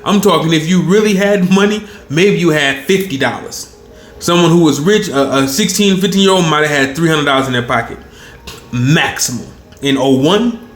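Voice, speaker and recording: A man in his thirties telling a long personal story in a rambling, profane, animated way. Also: mid-range voice. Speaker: channel host. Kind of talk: casual storytelling monologue. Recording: roomy echo.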